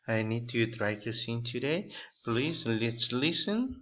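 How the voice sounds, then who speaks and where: A male teacher with a lively, bright voice. He speaks slowly and patiently, encouraging young learners. The recording sounds dull and lo-fi. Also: medium pitch, a little hiss or hum. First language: Spanish. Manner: patient, encouraging, hesitant phrasing. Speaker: English teacher. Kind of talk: classroom lesson, reading a story aloud.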